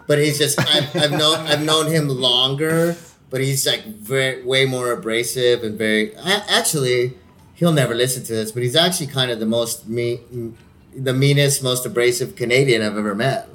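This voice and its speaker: Swearing, joking man with a bright voice. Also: medium pitch. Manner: swearing, joking, quick to laugh. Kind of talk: casual chat.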